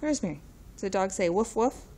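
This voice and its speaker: Sniffly mom talking to her toddler, sing-songy and slow, lively pitch, bit of hiss behind. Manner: slow, sing-song coaxing. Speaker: mother. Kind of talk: casual talk to a toddler.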